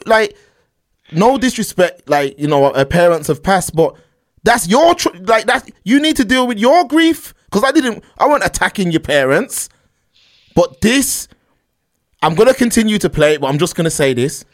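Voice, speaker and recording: A man hosting a casual reaction stream, animated and talking straight to his chat. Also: high voice, normal speed. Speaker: stream host reacting to a clip.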